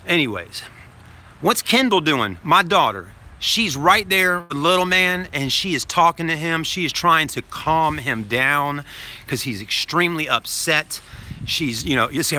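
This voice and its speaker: A man's voice: on the high side, animated, measured pace, bright, forceful tone. A man, a dad vlogging into his phone outside a grocery store, telling a story in a rambling way and adding "okay?" after his points. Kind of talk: casual storytelling to camera. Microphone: phone held to self.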